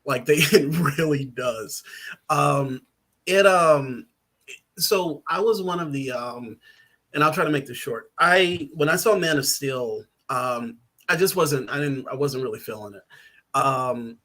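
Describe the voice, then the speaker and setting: A man's voice: medium pitch, measured pace, a bit bright. A man who is a writer and guest on a podcast, chatting casually, rambling with lots of ums and little laughs.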